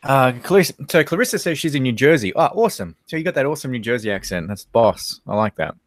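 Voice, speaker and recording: A man's voice: mid-range voice, sing-song, fast talker, no echo, clean studio sound. An Australian man co-hosting a casual livestream, laughing often and reading chat comments aloud. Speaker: livestream co-host.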